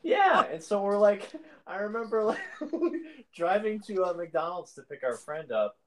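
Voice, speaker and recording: Lively, laughing man telling stories. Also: high voice, unhurried, a crowd in the background. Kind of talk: casual chat.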